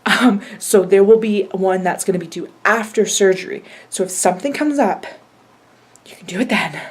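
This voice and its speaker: A woman's voice: medium pitch, moderate pace, slight background noise. Chatty woman vlogger. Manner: chatty, retelling conversations in quotes. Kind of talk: casual vlog update.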